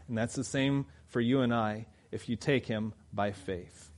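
A man delivers a sermon in a mid-range voice. He moves between quiet, reflective passages and loud, fervent emphasis, pressing his points home to the congregation. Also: mid-range voice, unhurried. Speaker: preacher.

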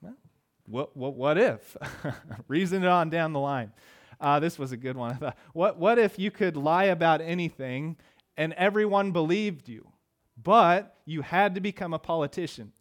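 A middle-aged pastor preaches in a loose, conversational manner. His voice sits a bit high, and he often stumbles and repeats words as he starts a phrase. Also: moderate pace. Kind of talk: sermon.

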